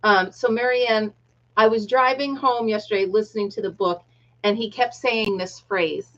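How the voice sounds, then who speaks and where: A woman's voice: mid-range voice, fairly even intonation, normal speed, dull audio. A middle-aged woman casually chatting on her livestream, greeting viewers by name and laughing often. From United States. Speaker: livestream host. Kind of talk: casual chat.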